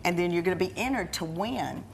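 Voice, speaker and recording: A woman's voice: on the low side, fairly quick, vocal fry, a little hiss or hum. A woman hosting a cooking show in a studio kitchen, gushing with praise as she tastes and talks.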